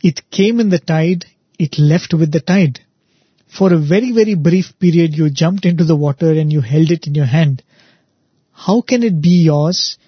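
A man quoting a wise man who scolds in a slow, deliberate, measured way. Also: on the high side, husky, no room sound, lo-fi sound. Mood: chiding. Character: wise old man, calm and stern.

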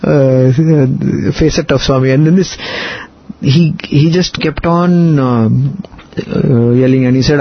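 A man's voice: medium pitch, slow, creaky, highs cut off. A man, a Telugu speaker, recounting a personal story in an interview and acting out the quoted speech. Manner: animated retelling, acts out quoted speech. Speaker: interview guest.

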